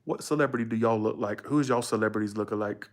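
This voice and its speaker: Talking fast in a fairly low voice, a young Georgian streamer chats loosely with his audience. His rambling, colloquial story keeps restarting and veering into asides as he corrects himself and quotes others loudly.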